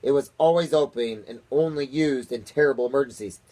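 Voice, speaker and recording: Dad reading a storybook aloud. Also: male voice, mid-range voice, brisk, dark tone. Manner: casual read-aloud, occasional chuckles. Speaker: father reading to his daughter. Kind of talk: reading a children's book aloud.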